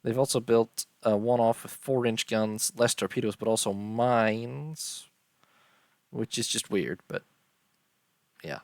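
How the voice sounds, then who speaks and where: A man giving casual, unhurried commentary on a strategy game, tired and yawning, filling pauses with ums and uhs. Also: mid-range voice, a little mellow, no echo. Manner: unhurried, listing details with many ums and uhs. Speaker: strategy game let's-player.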